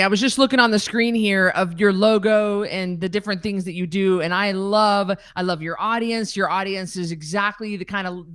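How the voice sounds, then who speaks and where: A woman from northern Idaho, a guest telling her story in an interview with animated, emphatic delivery. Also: mid-range voice, clear, resonant tone, dry recording, studio quality. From northern Idaho, USA.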